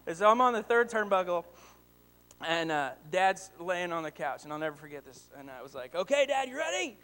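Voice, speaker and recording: A man in his thirties preaching a sermon, telling animated personal stories about his father and rising to excited outbursts. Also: a little high, a little fast, clean tone. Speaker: pastor.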